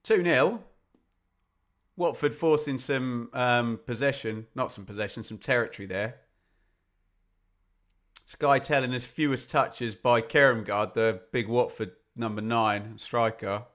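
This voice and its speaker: A man from England giving live football commentary on a fan watch-along, chatty and opinionated, with sudden bursts of excitement when chances come. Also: medium pitch, a little slow. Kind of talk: live football commentary mixed with casual chat.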